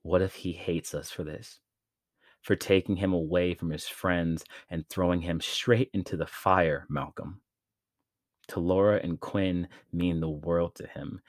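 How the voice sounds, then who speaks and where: A man reads out a frightened young mother, her lines low-pitched and pleading. Her words come out desperate and strained, close to the mic in a dry room. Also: dry recording. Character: panicked distraught mother, young adult woman. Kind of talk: audiobook-style narration.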